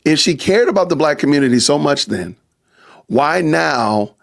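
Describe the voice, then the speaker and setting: A man's voice: on the high side, animated, normal speed, creaky. A man hosting a casual live-stream podcast, chatty, reading viewer comments aloud. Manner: chatty, reads viewer super chats aloud, frequent laughs and asides. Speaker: podcast host.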